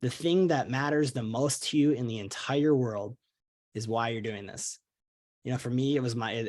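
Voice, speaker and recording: A young man leads a sales team call with upbeat, earnest energy. He talks in a casual, pushy way, often restarting his sentences and leaning on fillers like "you know". His voice sits at an ordinary middle pitch for a man. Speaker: network marketing leader. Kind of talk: motivational training call.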